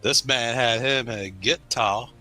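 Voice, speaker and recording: A man doing a slow drawling Forrest Gump. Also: medium pitch, pushed and bright, no echo, soft background music. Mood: earnest drawl. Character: slow-talking simple Southern man, earnest.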